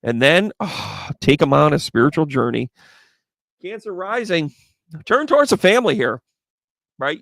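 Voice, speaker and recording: A man reads tarot live for his viewers, bouncing between playful jokes and loud exclamations. His voice has a gravelly, fry-laden edge. The recording is dry and close. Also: on the high side, dry recording. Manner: excitable, playful, profane, exclaiming. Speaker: tarot reader.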